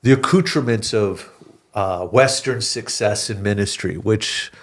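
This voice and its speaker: Low-voiced male host, affirming and hesitant. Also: a little slow. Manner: warm affirming listener, hesitant with many fillers. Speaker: podcast host. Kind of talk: casual interview chat.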